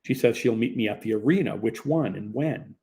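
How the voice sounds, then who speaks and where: A man's voice: lowish voice, brisk, creaky, warm tone. A young man narrating a first-person audiobook in a plain, conversational storytelling manner.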